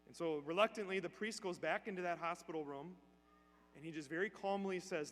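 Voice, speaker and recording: A man delivers a homily in a church, telling a story in an easy, conversational way and voicing each person in it. His voice sits somewhat high. Long reverb from the sanctuary hangs on his words over a faint hum. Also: brisk, a bit bright. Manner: conversational, acts out dialogue in a story. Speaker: deacon giving a homily. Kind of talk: storytelling sermon.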